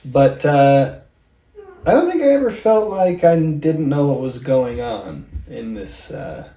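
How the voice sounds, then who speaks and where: A man's voice: mid-range voice, big pitch swings, slow pace, dark tone. A man co-hosting a casual movie review, giving blunt, firm opinions. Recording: roomy room sound.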